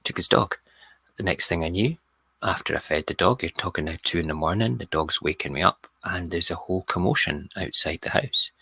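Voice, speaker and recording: A man with a low, husky voice spins a yarn as a radio host, lively and full of little asides. His tone is bright and forceful, recorded dry and close on the mic. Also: fairly quick, dry recording. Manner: animated storyteller, mimics people. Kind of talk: casual storytelling. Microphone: close studio mic.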